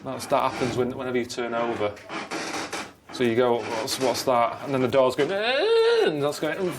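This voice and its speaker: A man chatting casually in a deadpan, rambling way, moaning about his travels. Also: mid-range voice, brisk, noisy background. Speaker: guest on a comedy travel show. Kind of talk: casual comedic chat.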